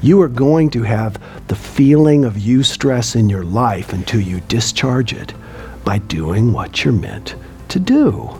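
A man, lecturing a class and quizzing the room with lively, emphatic delivery. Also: medium pitch, slow pace, faint music behind. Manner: lively, asks the room questions. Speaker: teacher.

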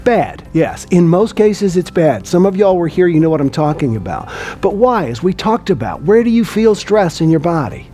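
A man, lecturing a class and quizzing the room with lively, emphatic delivery. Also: sits high, moderate pace, faint music behind. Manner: lively, asks the room questions. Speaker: teacher.

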